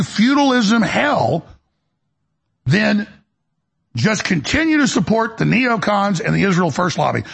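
Raspy gravelly guy ranting through a political monologue, high voice swinging all over, keeps stumbling and restarting. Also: a bit bright. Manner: ranting, repetitive stammering restarts. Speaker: talk show host.

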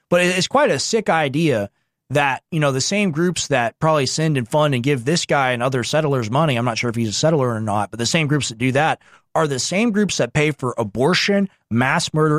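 A man's voice: medium pitch, a bit bright, dry recording, clean studio sound. A man hosting a commentary show who reacts to video clips and reads quotes aloud. He sounds sarcastic and indignant and often talks over the clips.

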